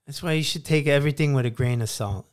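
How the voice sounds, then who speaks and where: A man's voice: mid-range voice, quick pace, clear, resonant tone. A man in casual podcast chat, laid-back, filling his talk with "you know" and encouraging his co-host.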